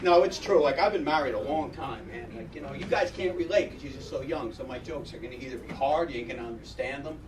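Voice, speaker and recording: A man's voice: mid-range voice, fast, hardly any pauses. A middle-aged man doing a crude, profane stand-up routine, rambling and asking the crowd if they know what he means. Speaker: stand-up comedian. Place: live comedy venue with audience. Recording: echoey room, distant mic, loud crowd laughter.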